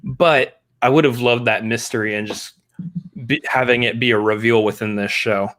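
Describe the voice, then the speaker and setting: Casting: male co-host, casual chat, animated scene retelling. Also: medium pitch. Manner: animated retelling with quick acted-out quotes.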